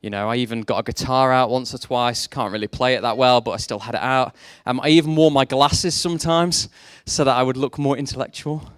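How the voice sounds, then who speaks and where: A man's voice: mid-range voice, fairly even intonation, fairly quick, hardly any pauses, smooth, dry recording, clean studio sound. A young man preaching a sermon, mixing faith talk with self-deprecating jokes about his past. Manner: jokey, self-deprecating storytelling. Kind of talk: sermon with personal stories.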